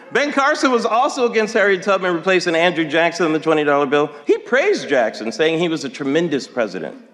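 Comic guy firing off jokes, high and jumpy, big hall echo. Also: big pitch swings, brisk, a bit bright. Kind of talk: comedic monologue clip. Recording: long hall reverb.

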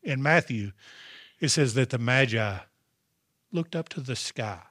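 A man's voice: medium pitch, animated, unhurried, fairly bright tone, no room sound, studio quality. A male pastor preaching a sermon, calling out to the congregation for responses. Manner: preaching with call-and-response asides.

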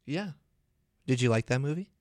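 A man's voice: medium pitch, animated, normal speed, a little mellow, no echo, studio quality. A man co-hosting a podcast in casual chat, playful and teasing. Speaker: podcast co-host.

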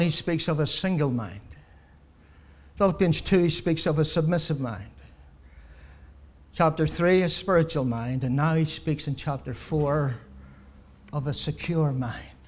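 Delivering a sermon to a congregation, a man climbs to loud, emphatic high points and then drops his voice low, returning repeatedly to rhetorical questions. As he continues, he runs short of breath.

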